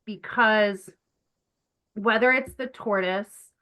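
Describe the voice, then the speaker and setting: A middle-aged woman, a nature educator, telling stories in an interview in an earnest, animated way with many fillers and restarts. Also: medium pitch, slow pace. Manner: animated, acts out the voices of children and teachers. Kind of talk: storytelling in a conversational interview.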